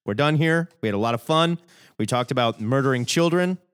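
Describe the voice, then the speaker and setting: A man co-hosting a podcast, joking around with quick bursts of emphasis and muttered asides. His voice sits at an ordinary pitch. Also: clear, resonant tone. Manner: jokey, animated, swings from loud to mumbled asides. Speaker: podcast co-host. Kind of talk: casual podcast banter.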